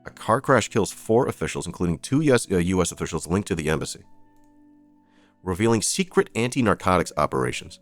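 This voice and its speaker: A man with a very low voice runs a live stream of political news commentary. He reads headlines aloud and breaks off into sarcastic, profane asides. Soft music plays faintly behind him. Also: sing-song, brisk, no room sound. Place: streaming setup.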